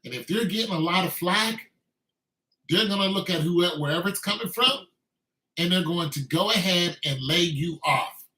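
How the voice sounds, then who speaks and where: A man's voice: high-pitched, normal speed, bright, forceful tone. A man delivering an emphatic, repetitive, scolding rant as a video commentator. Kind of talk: ranting commentary. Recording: echoey room.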